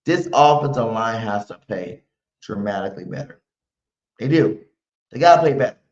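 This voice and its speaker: A man's voice: medium pitch, lively intonation, moderate pace, darkish tone. A man hosting a live fan pregame stream, talking brash, slangy trash with heavy emphasis. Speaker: sports stream host. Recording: roomy, muffled home stream audio.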